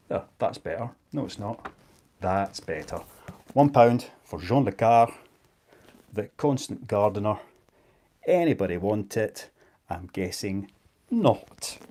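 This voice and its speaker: Selling books online, a man auctions them on a live stream while chatting casually and making jokes at his own expense. His voice is lowish, unhurried, and a little mellow.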